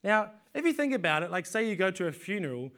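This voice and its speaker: A man with a notably high voice delivers a sermon to a congregation. He talks in a loose, conversational way, stumbling into repeated words as he restarts his sentences. He keeps pulling the listeners in with rhetorical questions. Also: very animated, fast talker, a bit bright. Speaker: preacher.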